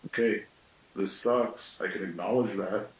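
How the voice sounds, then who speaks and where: A man's voice: fairly low pitch, a little slow. Reflective storyteller man, roomy and distant. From Canada. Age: late 30s. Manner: thoughtful, with self-questioning asides. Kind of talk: reflective teaching talk.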